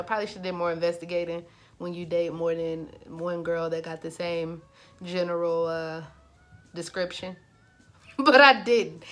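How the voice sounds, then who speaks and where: A woman vlogger telling a personal story in a casual, animated, chatty way. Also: lowish voice.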